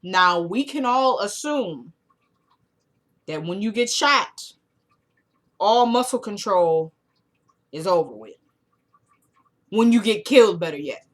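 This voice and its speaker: A woman's voice: mid-range voice, slow, long pauses. Woman recapping a TV episode casually. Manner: animated, colloquial storytelling that acts out the characters' lines. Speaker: TV episode reviewer.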